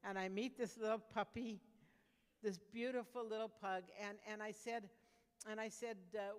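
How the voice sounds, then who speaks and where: A woman's voice: mid-range voice, fairly even intonation, normal speed, in a large hall. An older woman doing stand-up comedy, telling brash, conversational stories with frequent restarts.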